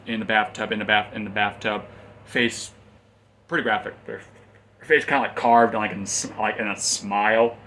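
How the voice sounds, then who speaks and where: A man's voice: fairly low pitch, bright, forceful tone, a little hiss or hum. A man casually recapping a comic's plot as a reviewer, rambling with frequent ums and restarts.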